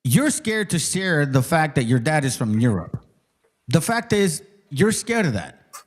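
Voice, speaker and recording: A man's voice: on the high side, sing-song, measured pace. A man hosting a live online debate, combative and profane, who interrupts constantly and repeats himself. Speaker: host of a live debate stream.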